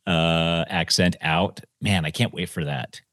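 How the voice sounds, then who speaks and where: A man's voice: low voice, fairly even intonation, unhurried, a bit bright, no echo, clean studio sound. A man co-hosting a podcast in casual chat, asking curious questions. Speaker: podcast co-host.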